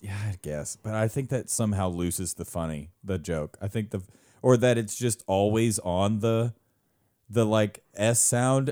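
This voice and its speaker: A man's voice: on the low side, a little mellow. A man co-hosting a podcast in casual, comedic chat, rambling and self-mocking as he talks. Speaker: podcast co-host.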